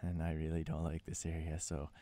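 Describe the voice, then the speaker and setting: A man's voice: a bass voice, completely flat delivery, fairly quick, mellow, no echo. Sarcastic young man guiding a game run. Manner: sarcastic, joking, rambling asides. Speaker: gameplay guide narrator. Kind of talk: casual walkthrough commentary.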